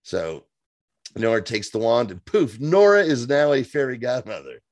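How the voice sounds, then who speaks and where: A man co-hosting a casual podcast recap, animated and profane, reading out viewer reviews and acting out scenes. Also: mid-range voice, moderate pace, dry recording. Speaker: podcast co-host.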